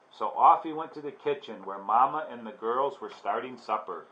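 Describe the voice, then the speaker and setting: A man reading a children's book aloud in a relaxed way, with chatty asides to listeners. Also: medium pitch, normal speed, hardly any pauses, a little hiss or hum. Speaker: storybook reader. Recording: dull lo-fi recording.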